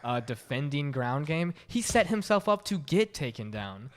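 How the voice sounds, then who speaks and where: A man's voice: on the high side, big pitch swings, moderate pace. A young man co-hosting a podcast in casual chat, easygoing and agreeable. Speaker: podcast co-host.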